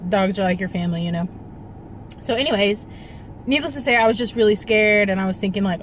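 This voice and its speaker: A young woman talks straight into her phone in a loose, rambling way, stacking fillers as she tells the story. Her voice sits at an ordinary middle pitch, and she keeps trying not to cry. A faint hum of background noise runs under the recording. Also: quick pace, low-quality recording. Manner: rambling, full of fillers, fighting back tears. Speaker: vlogger. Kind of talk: casual personal vlog storytelling. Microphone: phone camera.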